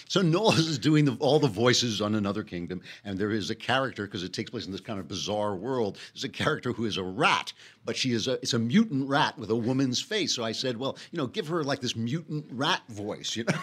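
Animated, laughing male podcast host. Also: mid-range voice, a little fast, few pauses. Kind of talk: casual political chat.

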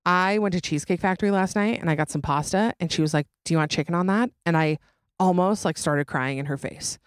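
Young woman, podcast host, casual chat, dramatic, lower voice, dry close mic. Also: brisk, clear, resonant tone, no room sound. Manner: chatty, dramatic, laughing often. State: pregnant.

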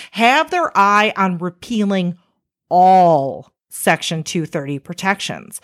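A woman's voice: medium pitch, fairly bright tone. A woman giving casual explanatory commentary, conversational and emphatic, with rhetorical asides to the listener.

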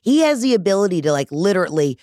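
Woman, podcast host, casual storytelling, profane, animated, low-pitched, dry close mic. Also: quick pace, no echo. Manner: animated, profane, self-mocking.

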